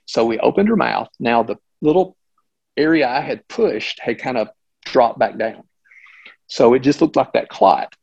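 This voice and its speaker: A man's voice: medium pitch, moderate pace, creaky, slightly rough, muffled recording. Middle-aged male doctor telling a case story. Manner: animated, with frequent restarts and asides. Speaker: physician guest. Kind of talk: conversational storytelling.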